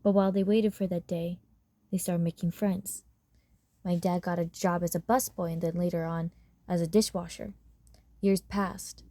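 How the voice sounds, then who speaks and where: A woman narrating a novel chapter aloud, giving the quoted characters lively voices. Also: lowish voice, moderate pace, no echo. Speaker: audiobook reader. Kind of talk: storybook narration.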